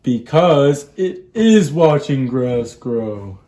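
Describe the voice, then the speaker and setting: A man reading the part of a gloomy, deadpan elephant in a children's storybook, in his own flat, low voice. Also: very slow, roomy sound. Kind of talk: children's storybook read-aloud.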